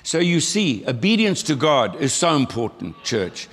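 A man's voice: fairly high pitch, sing-song, unhurried, a bit bright, husky. An older South African man telling a folksy testimony in church, with a frog in his throat. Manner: folksy storytelling, acting out remembered voices. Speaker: church member giving testimony. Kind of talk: conversational testimony sermon. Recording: long hall reverb.

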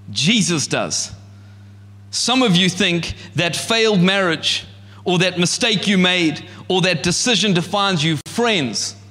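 A man preaching a sermon with passion, rising to shouts as he acts out God speaking. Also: sits high, long reverb tail. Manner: impassioned, shouts when acting out God's voice. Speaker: pastor.

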